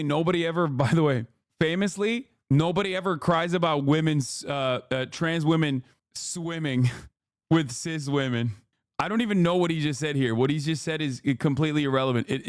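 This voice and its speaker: High-pitched guy ranting on stream, swears a lot, keeps repeating himself, dry close mic. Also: no echo. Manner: profane, exasperated, repeats himself. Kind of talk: livestream commentary rant.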